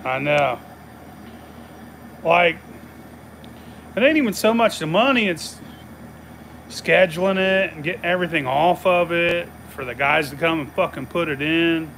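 A man's voice: a little high, measured pace, vocal fry, long pauses, a bit bright, slight background noise. Profane, rambling man. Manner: rambling, profane, laughing storyteller. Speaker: channel host. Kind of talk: casual storytelling chat.

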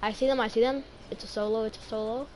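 A woman's voice: a little high, steady tone, fast talker, darkish tone, a little hiss or hum. A woman chatting playfully and teasing while streaming a game. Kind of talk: casual gameplay chat.

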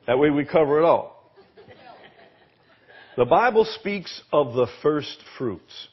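A man preaching, his husky voice rising and falling with animated emphasis. He repeats words for effect and asks the congregation questions. The sermon is captured on a dull, lo-fi church recording. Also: a little high, slow pace. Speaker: pastor. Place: church sanctuary.

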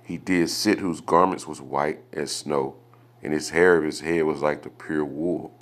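A man with an extremely deep voice leads a scripture lesson. He reads verses aloud, then breaks them down with rhetorical questions and a steady stream of "okay?" check-ins. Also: unhurried. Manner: asks rhetorical questions, adds "okay?" after points. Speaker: Bible teacher. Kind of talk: Bible study teaching.

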